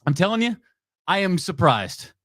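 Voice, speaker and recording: Guy ranting on his movie podcast, swings his pitch all over, super dry mic. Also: big pitch swings, normal speed, fairly bright tone, dry recording. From United States. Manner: blunt, sarcastic, laughs often. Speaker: podcast host. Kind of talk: reacting to videos on a live stream.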